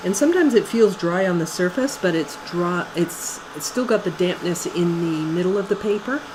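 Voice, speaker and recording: Middle-aged woman, art teacher demoing watercolor, low-ish voice, easygoing and chatty, light room noise. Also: normal speed. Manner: relaxed and chatty, thinks aloud with fillers. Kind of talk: casual painting demonstration.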